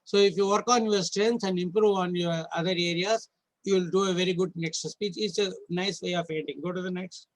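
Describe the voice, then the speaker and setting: A man with a rather high voice leads a training session for judges. He works through slides one point at a time, instructive and a little halting, with frequent restarts. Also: steady tone, rough recording. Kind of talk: online training lecture.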